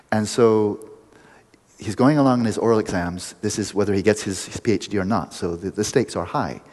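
A man's voice: lowish voice, a little mellow, slightly rough, in a large hall. A man giving a meditation retreat lecture, playful and teasing, telling stories and laughing often. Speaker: meditation teacher.

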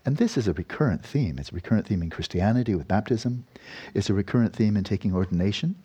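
A male meditation teacher with a low, husky, mellow voice, leading a Buddhist dharma talk. He meanders gently through the guidance. He often adds tag questions and soft chuckles. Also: animated. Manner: unhurried, rambling, tag questions and soft laughs.

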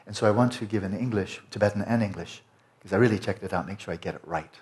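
A man teaching a Buddhist Dharma talk, explaining slowly and lingering over Tibetan and Sanskrit terms. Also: lowish voice, darkish tone. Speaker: meditation teacher.

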